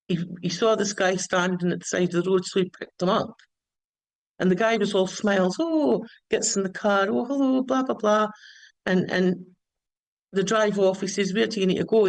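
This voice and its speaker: Caller, rambling storyteller, stumbles and restarts, dry close sound, middle pitch. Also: no room sound, low-quality recording. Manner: many restarts and repeated words.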